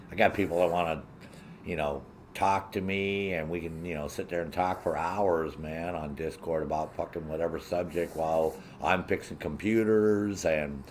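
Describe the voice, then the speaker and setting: A deep-voiced man rants to his stream audience at a moderate pace, with a little hiss or hum in the background. The talk is casual but heavily profane, his tone animated and indignant.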